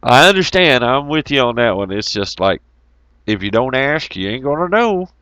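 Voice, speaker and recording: A man's voice: mid-range voice, very animated, normal speed, fairly bright tone, clear, resonant tone, no room sound, highs cut off. A man giving a profane, rambling, jokey monologue to his viewers, laughing often. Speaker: YouTube commentator. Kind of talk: casual ranting monologue.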